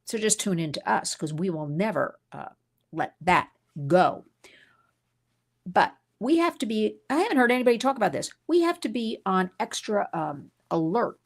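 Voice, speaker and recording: A woman's voice: medium pitch, very animated, a little fast, few pauses. Indignant woman hosting a livestream. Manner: emphatic and indignant, reads viewer comments aloud. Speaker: livestream host. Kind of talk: unscripted livestream talk. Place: New York City.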